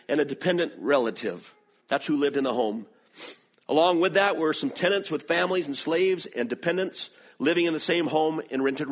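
A middle-aged man from the American South with a Southern accent, preaching a sermon with animated storytelling. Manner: animated storytelling with lively swings in pitch. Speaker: pastor.

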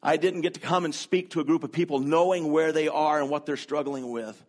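With a slightly high voice and fairly even intonation, a male pastor preaches briskly in a church sanctuary. His handheld-mic delivery is conversational and relaxed, sprinkled with self-deprecating humor.

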